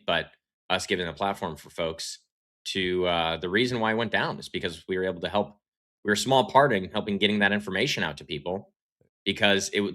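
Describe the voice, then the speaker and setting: Forceful low-voiced male co-host. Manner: conversational, with tag questions and fillers. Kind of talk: political commentary.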